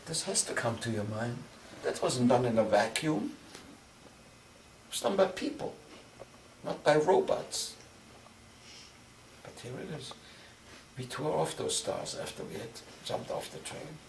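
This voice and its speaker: An older man with a Viennese accent telling his story in an oral history interview, with measured storytelling and vivid recalled dialogue. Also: mid-range voice, expressive, creaky. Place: interview room. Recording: roomy, distant mic with noise.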